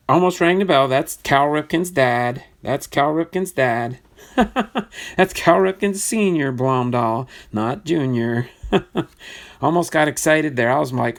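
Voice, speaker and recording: A man hosting a live card-breaking stream, reading out names in a chatty way with sudden excited bursts. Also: mid-range voice, a little slow. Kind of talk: live box-break commentary.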